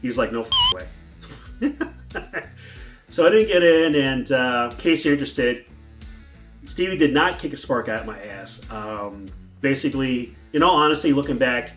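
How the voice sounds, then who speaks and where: A man's voice: medium pitch, normal speed, fairly bright tone, soft background music. A man telling a personal story in a casual vlog, rambling with restarts and fillers. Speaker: vlogger.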